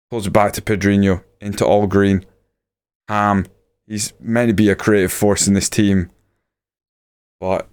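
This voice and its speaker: Man, low smooth voice, excitable play-by-play over a management game, desk mic. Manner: excitable play-by-play, muttering asides. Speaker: gaming YouTuber. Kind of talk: video game commentary.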